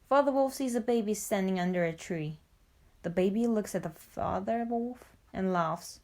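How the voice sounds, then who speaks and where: A woman narrating a storybook for language learners, reading clearly and deliberately. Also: medium pitch, darkish tone. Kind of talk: graded-reader storybook narration.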